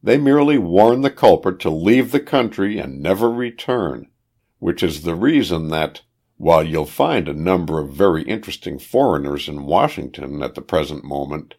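A man reading a spy story aloud in a measured, dramatic way. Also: deep voice, lively intonation, darkish tone. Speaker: narrator.

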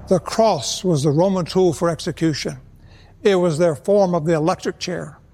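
Male preacher, high voice, earnest and measured, long reverb on the voice. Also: mellow, slight background noise. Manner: earnest, measured, slows for emphasis. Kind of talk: evangelistic sermon.

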